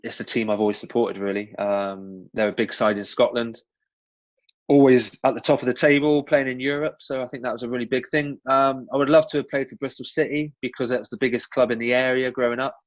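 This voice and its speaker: A man's voice: mid-range voice, a little fast, dry recording. A man with a West Country accent, a former footballer answering interview questions in a chatty way with many ums and restarts. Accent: West Country English. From West Country of England. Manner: chatty, frequent ums and restarts, animated storytelling. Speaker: guest, former professional footballer. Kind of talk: casual interview answers with anecdotes.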